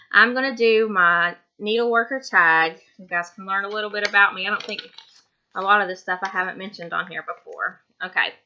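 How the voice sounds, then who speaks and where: A woman's voice: mid-range voice, sharp tone, muffled recording. A woman in her thirties from Tennessee with a Southern accent, chatting casually to camera in a rambling way with many ums. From Tennessee, USA. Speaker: craft vlogger.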